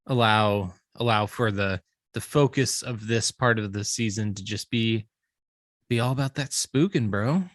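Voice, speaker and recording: Laid-back podcast host, low dry voice. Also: male voice, a little slow, a bit bright, no room sound. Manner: laid-back, slangy, chuckling. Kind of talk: casual chat.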